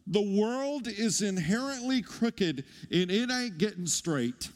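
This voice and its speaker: A man preaching a sermon as pastor, conversational and animated, with asides to the congregation. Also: high voice, takes it slowly. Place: church sanctuary. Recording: long hall reverb.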